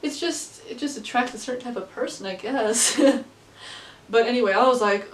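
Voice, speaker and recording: A woman's voice: on the high side, normal speed. A young woman in her late teens telling a story casually to camera, rambling with lots of fillers and laughing often. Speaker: vlogger. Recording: echoey room, distant from mic.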